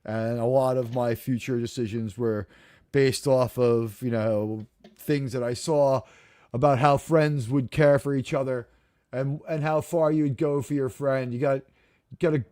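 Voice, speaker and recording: A man's voice: medium pitch, steady tone, measured pace, darkish tone, no room sound. A man hosting a casual live review chat, enthusiastic and jokey, rambling through his points. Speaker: podcast host. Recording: dry close-mic sound.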